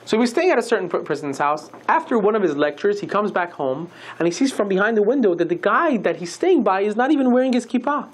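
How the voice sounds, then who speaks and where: A woman giving a religious lecture, telling a story in an animated, conversational way with many asides. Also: mid-range voice, fast, few pauses, slightly rough.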